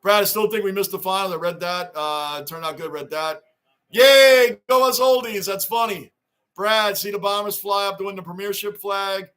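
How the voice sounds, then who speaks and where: A man's voice: high voice, steady tone, brisk, sharp tone. A middle-aged man hosting a casual livestream from his basement, reading out fan chat and repeating himself for emphasis. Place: home basement.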